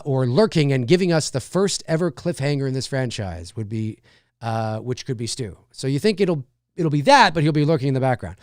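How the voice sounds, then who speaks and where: A man with a fairly high-pitched voice runs a casual livestream, going on animatedly about a film and responding to viewer comments with lots of restarts and fillers. The sound is dry and clean, studio grade.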